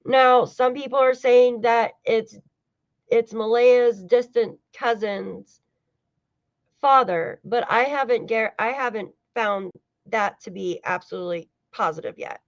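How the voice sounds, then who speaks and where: A woman from the United States chats through a casual livestream with a slightly high voice, swearing and laughing as she goes. The sound is dull and lo-fi, with a dry close feel and no room echo. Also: unhurried. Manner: chatty, swears, laughs often, talks to chat. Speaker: true-crime livestream host.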